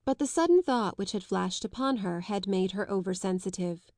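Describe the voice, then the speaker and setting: A woman's voice: medium pitch, no room sound. Dry, close woman reading a classic novel. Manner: measured, even literary reading. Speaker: audiobook narrator. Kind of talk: scripted narration of a classic novel.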